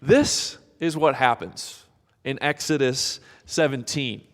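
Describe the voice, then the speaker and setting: A male pastor preaching a sermon, dramatic and expressive, sometimes acting out the voices of people in the story. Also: medium pitch, takes it slowly, long reverb tail.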